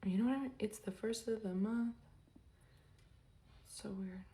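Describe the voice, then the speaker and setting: A woman's voice: medium pitch, a little slow, mellow, a little hiss or hum. A woman doing an intuitive tarot reading in a loose, rambling way, often stopping herself and laughing. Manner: rambling, self-interrupting, giggly. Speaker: tarot reader.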